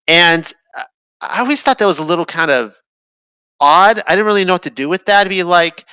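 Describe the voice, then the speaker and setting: A man's voice: on the high side, expressive, a little fast, bright, forceful tone, clear, resonant tone, no room sound. A man hosting a group discussion, musing on scripture in a rambling, casual way with many fillers and restarts. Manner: rambling, self-interrupting with fillers.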